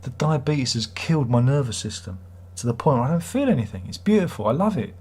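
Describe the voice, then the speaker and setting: A man's voice: mid-range voice, sing-song, fast talker, darkish tone, slightly rough. A middle-aged British man hosting a livestream, chatting in a rambling, wry, self-mocking way. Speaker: livestream host. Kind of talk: casual livestream chat.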